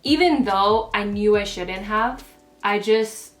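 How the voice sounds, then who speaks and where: A woman's voice: mid-range voice, slow pace, faint music behind. A woman beauty vlogger talking casually through a makeup tutorial and a story, chatty and full of "like" fillers. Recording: roomy echo.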